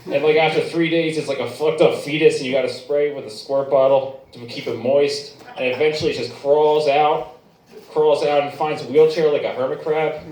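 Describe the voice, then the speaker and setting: Male open-mic comic, crude rambler, raised pitch, echoey distant bar recording. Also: fairly even intonation, fairly quick, hardly any pauses, darkish tone. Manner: crude rambling storytelling with restarts. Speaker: stand-up comic. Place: bar stage, echoey room.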